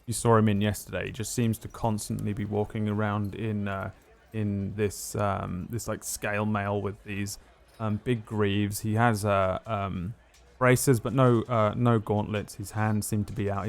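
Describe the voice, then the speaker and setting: A man narrating a tabletop game as game master, describing scenes with frequent pauses. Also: fairly low pitch, flat delivery, vocal fry.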